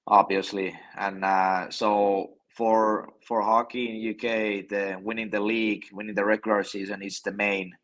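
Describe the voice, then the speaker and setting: A Finnish man speaks English as a second language with a Finnish accent. He talks in a halting way, restarting and repeating words. His voice is somewhat low. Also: fairly bright tone. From Finland. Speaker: professional hockey player guest. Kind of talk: casual interview.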